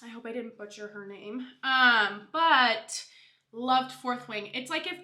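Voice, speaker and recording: A woman's voice: a little high, slow, pushed and bright, echoey room. A young woman in her twenties chatting casually and gushing to her viewers while doing her makeup, full of "like" and "you guys.". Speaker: beauty vlogger.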